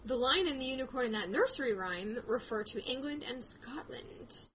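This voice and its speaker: A woman's voice: sits high, normal speed, very noisy. A woman co-hosting a podcast, retelling a book in casual chat with lots of laughter and expression. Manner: animated, laughing, voices quoted characters. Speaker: podcast co-host.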